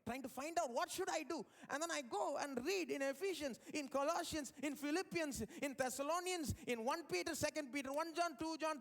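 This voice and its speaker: A male pastor preaching a live church sermon with big swings in pitch and loudness. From India. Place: church service.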